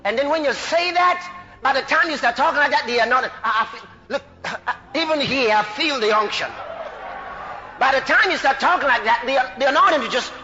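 A man preaching a sermon with passion, shouting out praise, laughing, and acting out the scripture quotes he tells. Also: extremely high pitch, fairly quick, muffled recording, soft background music.

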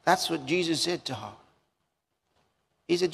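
A man delivers a sermon in a fairly high voice, putting questions straight to his listeners. He repeats key phrases again and again for emphasis. His voice carries a long reverb tail. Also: expressive, a little slow, creaky, long pauses, a bit bright, breathy edge. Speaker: preacher.

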